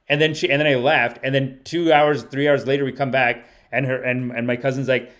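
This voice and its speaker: A man's voice: mid-range voice, quick pace, hardly any pauses. A man hosting a casual podcast livestream, telling stories in a rambling, playful way. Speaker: podcast host and stand-up comedian.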